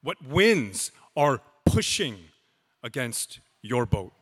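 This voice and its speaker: A man preaching a sermon as pastor, slow and emphatic with dramatic pauses. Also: mid-range voice, very animated, husky, long reverb tail.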